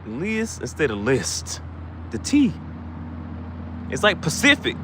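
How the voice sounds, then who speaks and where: A man chatting casually and joking, laughing often and swinging his voice high and low. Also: wildly swooping pitch, takes it slowly, long pauses, noisy background. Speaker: channel host.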